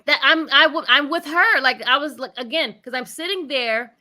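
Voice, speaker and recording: A woman co-hosting a podcast in casual chat, filling her talk with "like" and quick agreeing words. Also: high voice, pushed and bright. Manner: lots of "like", agreeing fillers. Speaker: podcast co-host.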